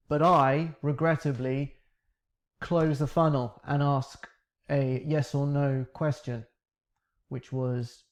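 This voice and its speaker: A man speaks in a measured, reflective way, pausing to break down each part of a question. His voice sits a little high for a man. The recording is close and clean. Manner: calm, reflective, breaks down grammar step by step. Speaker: English teacher. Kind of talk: explaining a recorded interview.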